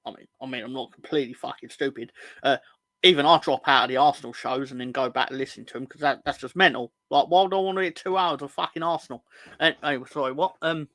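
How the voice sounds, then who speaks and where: A man's voice: medium pitch, fairly even intonation, quick pace, bright, forceful tone, no echo. A man co-hosting a football podcast, casually reading out viewer comments in a rambling, joking way, swearing and correcting himself as he goes.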